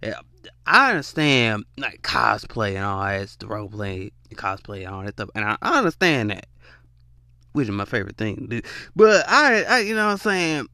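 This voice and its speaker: A man giving casual reaction commentary to viewers, animated and often laughing. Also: on the low side, moderate pace, no echo, clean studio sound.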